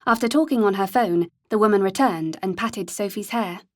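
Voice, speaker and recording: A woman with a mid-range voice narrates an audiobook from a script. Her storytelling is measured and steady.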